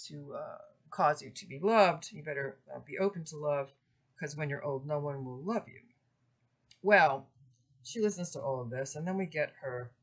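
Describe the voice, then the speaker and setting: Lady prof talking thru an old poem, easygoing, lots of uhs and ums. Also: deep voice. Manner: relaxed explaining, with frequent ums and uhs. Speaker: literature lecturer. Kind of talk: informal recorded lecture.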